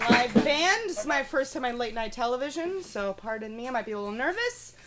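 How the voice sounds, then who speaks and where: A woman's voice: on the high side, expressive, fast talker, over loud music. A young woman doing a stand-up comedy set on a small studio stage, brash and profane, laughing at her own jokes. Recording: live audience clearly audible.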